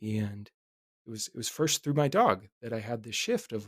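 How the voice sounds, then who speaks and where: A man in his thirties hosting a podcast, telling a personal story in a relaxed, candid way with occasional swearing. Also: lowish voice, moderate pace, dry recording, studio quality. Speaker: podcast host.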